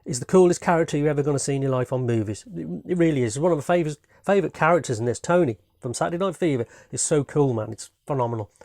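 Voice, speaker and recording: A man's voice: fairly high pitch, racing, few pauses, darkish tone, dry recording, studio quality. A man from Britain casually reviewing his latest home movie watches, rambling and enthusiastic, peppering his talk with "man" and "you know what I mean".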